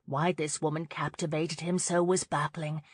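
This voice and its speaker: Low-voiced woman narrating a romance. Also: flat delivery, normal speed, breathy edge, no echo. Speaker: audiobook narrator. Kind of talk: scripted narration.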